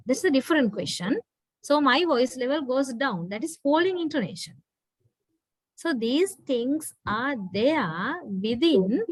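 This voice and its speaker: A woman's voice: high-pitched, dry recording, poor audio. Woman lecturer with a Sri Lankan accent. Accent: Sri Lankan English. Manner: patient, explanatory, keeps checking with "right?". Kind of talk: online university lecture.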